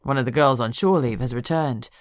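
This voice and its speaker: A woman narrator voicing a calm, immortal male dragon shifter who speaks in a measured, even way. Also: extremely low pitch, no room sound, studio quality, voice pushed down.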